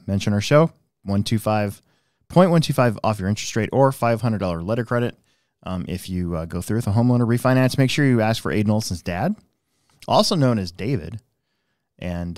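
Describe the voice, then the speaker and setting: A man with a lowish voice hosts a laid-back podcast chat. He rambles through his points with lots of ums and restarts. The sound is dry and close, with no room around it. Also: no room sound. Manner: rambling, with many fillers and restarts. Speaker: podcast host, hobby shop manager and race director.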